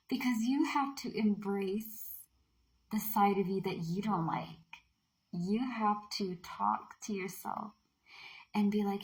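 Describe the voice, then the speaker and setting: A woman giving a casual tarot card reading in a playful, chatty way, often dropping into breathy half-whispers. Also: medium pitch, takes it slowly, low-quality recording.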